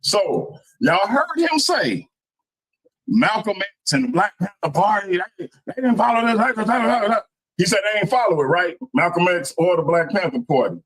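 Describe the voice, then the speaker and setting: A man's voice: sits high, animated, measured pace, fairly bright tone, low-quality recording. A man making a laid-back debate argument over a video call, talking straight to the audience. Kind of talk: casual debate speech.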